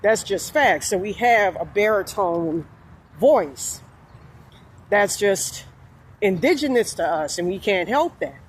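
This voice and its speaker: A woman's voice: mid-range voice, expressive, takes it slowly, breathy edge. Rambling New woman vlogging. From New Orleans, USA. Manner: rambling, meandering, frequent fillers. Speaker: spiritual vlogger. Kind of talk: casual monologue.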